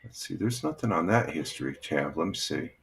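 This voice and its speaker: A man's voice: sits low, lively intonation, vocal fry. Rambling older man hosting a stream. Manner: rambling, halting with many fillers. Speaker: livestream host. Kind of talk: casual morning chat.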